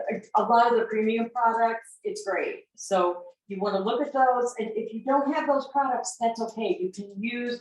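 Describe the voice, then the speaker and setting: A woman casually presenting sales tips on a live video, chatty and relaxed. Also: mid-range voice. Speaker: sales team member presenting a tip. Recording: very echoey room, far from mic.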